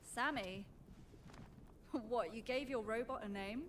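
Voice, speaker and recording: A woman's voice: a little high, takes it slowly, fairly bright tone, a little hiss or hum. An actress playing a famous, seasoned woman mountaineer in a video game, speaking in a cool, understated way. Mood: wry.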